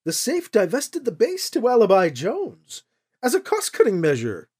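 A woman's voice: a little high, huge pitch swings, normal speed, a little mellow, husky, pitched above the performer's own voice, exaggerated voice. A woman voicing a courteous, formal male officer who speaks politely and cheerfully.

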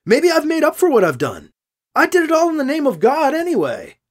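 Audiobook figure: a reader playing a cornered male leader, defensive, forced calm, lively pitch. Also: a little fast, full character voice. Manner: defensive, trying to sound calm. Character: defensive powerful middle-aged male leader.

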